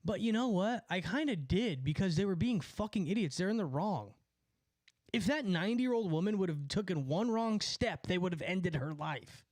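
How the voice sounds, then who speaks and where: A young man from California rambles through a story in a casual, profane chat, laughing at his own lines. His voice sits a little high for a man. The sound is dry and close, with no room echo. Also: lively intonation, moderate pace, a little mellow. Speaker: streamer.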